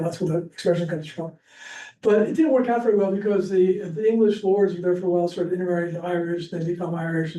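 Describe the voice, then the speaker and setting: A Pennsylvania man with a high, warm voice leads an informal history class at church. He's chatty and rambling, full of fillers and restarts. The room echoes, the mic sits far off, and there's a faint hiss.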